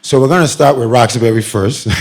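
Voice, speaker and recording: A man giving a lively, joking presentation to an audience at a community meeting. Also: mid-range voice, gravelly. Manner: animated, joking, addresses crowd directly.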